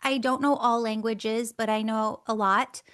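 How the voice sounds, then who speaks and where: A middle-aged woman, a guest on the show, telling a personal story in a lively way, laughing often and acting out the voices she quotes. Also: on the high side, unhurried. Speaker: guest, angel communicator.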